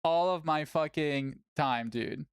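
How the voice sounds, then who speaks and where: A tournament host chatting casually on a livestream, animated, laughing often and swearing casually. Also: medium pitch, slow, clean tone, no room sound.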